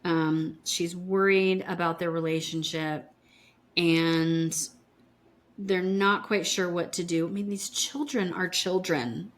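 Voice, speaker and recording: A woman's voice: fairly low pitch, fairly even intonation, slow pace. A woman in her fifties, co-hosting a podcast, retelling a true-crime story in a blunt, indignant way and swearing freely. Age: 50s. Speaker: podcast co-host.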